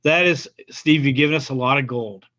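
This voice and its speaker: A man's voice: medium pitch, sharp tone. A man, a pastor hosting a casual interview, who affirms his guest often before wrapping up. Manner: affirming listener, quick "yeah" and "mm-hmm". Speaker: pastor and host. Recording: dull lo-fi sound.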